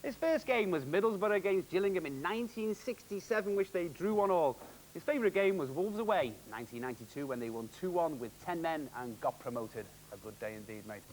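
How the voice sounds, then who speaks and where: Upbeat, lively, high-voiced male quiz host. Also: a little hiss or hum, rough recording. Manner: jokey, upbeat, quick quizmaster delivery. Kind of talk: televised quiz hosting.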